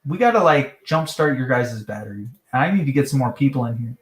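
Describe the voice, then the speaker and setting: A man chats away on a live stream, joking and drifting from one topic to the next. His pitch swings widely as he talks. The sound carries a roomy echo. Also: lively intonation, brisk. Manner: joking, jumps between topics, mimics voices in high falsetto. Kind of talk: rambling live stream chat.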